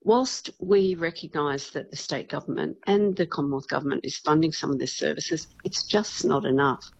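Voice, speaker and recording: Gravelly woman, lo-fi clip. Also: sits low, normal speed, no echo. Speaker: agency chair. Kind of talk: news interview clip. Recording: dull lo-fi clip.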